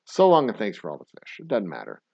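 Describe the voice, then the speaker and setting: A man's voice: on the low side, wildly swooping pitch, quick pace, gravelly, a little mellow, husky, no echo, highs cut off. Profane, rambling man hosting trivia. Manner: rambling, profane, mock-grumpy rants. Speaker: trivia game host. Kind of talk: casual livestream chat.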